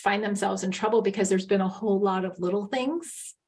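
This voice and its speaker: A woman's voice: mid-range voice, fairly quick, darkish tone. A woman who coaches couples, a guest on an interview, explaining earnestly and acting out quoted lines. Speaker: marriage coach, podcast guest. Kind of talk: casual interview chat.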